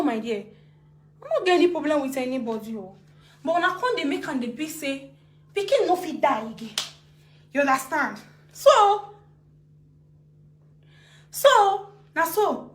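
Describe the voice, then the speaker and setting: A woman with a Nigerian accent delivers a heated, emotional rant on a live video, animated and forcefully repeating herself. Her voice is high, the room is echoey, and there's a little hiss or hum.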